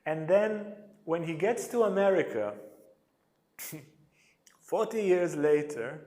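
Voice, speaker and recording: Brief: lively male yoga lecturer, slightly high voice, long hall reverb. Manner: animated storyteller, acts out quotes. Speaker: yoga teacher. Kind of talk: storytelling lecture. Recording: echoey hall.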